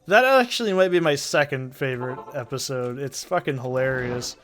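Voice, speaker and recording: A man's voice: mid-range voice, normal speed, a bit bright. A man with a stuffy cold, casually rambling and swearing through gameplay commentary, heavy on "like" fillers. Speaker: gaming channel host.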